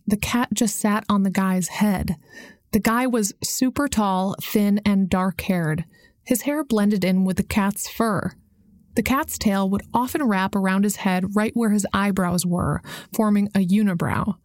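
A woman narrates an audiobook in a steady, measured storytelling style. Her voice sits at a medium pitch, and the scripted reading is captured dry with clean studio sound.

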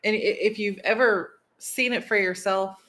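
A woman's voice: mid-range voice, fairly even intonation, moderate pace, fairly bright tone. A woman co-hosting a podcast in casual chat, choked up and laughing through tears. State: tearful. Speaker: podcast co-host.

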